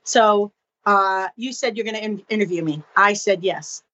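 A woman talks at a middle pitch, explaining with energy and slipping into quick acted voices for the people in her stories. The recording sounds a little muffled and lo-fi. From Boston area. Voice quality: expressive, acts out dialogue in voices. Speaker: guest. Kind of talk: animated podcast explanation with acted-out anecdotes.

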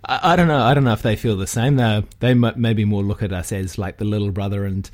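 Podcast guest, New Zealand man, very low voice, relaxed and rambling. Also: quick pace. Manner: relaxed, chatty, frequent fillers and restarts. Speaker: guest, physical therapist. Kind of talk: casual podcast conversation.

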